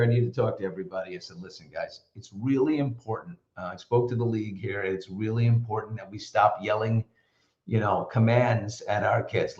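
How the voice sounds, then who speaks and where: A middle-aged man hosting a casual live show, telling stories in an animated, opinionated way. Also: medium pitch, roomy sound, dull audio. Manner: chatty storyteller, animated and opinionated. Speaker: host. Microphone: computer mic.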